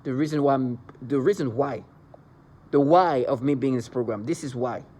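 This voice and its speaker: Agitated man ranting, mellow voice. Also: medium pitch, normal speed. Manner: agitated, rambling rant with mocking asides. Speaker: vlogger describing being targeted. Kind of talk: angry monologue.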